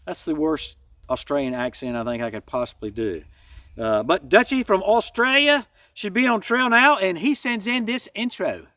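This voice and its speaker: A folksy man with a high voice hosts a casual trail update, rambling and joking at his own expense. The sound is dry and set back from a distant mic. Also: expressive, moderate pace, sharp tone, no echo. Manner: folksy, rambling, self-deprecating jokes. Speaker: hiking channel host.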